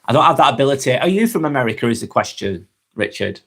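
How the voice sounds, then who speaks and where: A young man hosts a relaxed live vlog, reading viewers' comments aloud and answering each one in a frank, chatty way. His voice sits at an ordinary middle pitch for a man. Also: fast talker. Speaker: live stream host.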